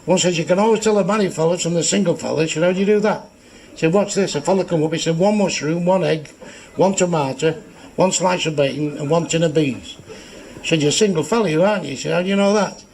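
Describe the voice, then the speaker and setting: A man's voice: on the high side, quick pace, darkish tone. A man doing stand-up comedy, telling bawdy, profane jokes and acting out the characters' voices. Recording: noisy archive recording.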